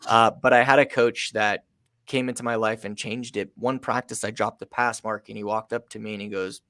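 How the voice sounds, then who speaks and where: A man in his thirties, a guest on a sales podcast, telling a story in an energetic, emphatic way. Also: fairly low pitch, normal speed, no echo. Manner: energetic, emphatic, acts out a coach's pep talk. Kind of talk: storytelling in an interview.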